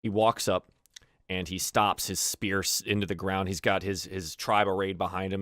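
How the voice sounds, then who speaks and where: Man running a tabletop game, low, forceful voice, casual rambling narration. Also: steady tone, normal speed, dry recording, clean studio sound. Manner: casual, loose with many fillers. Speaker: game master.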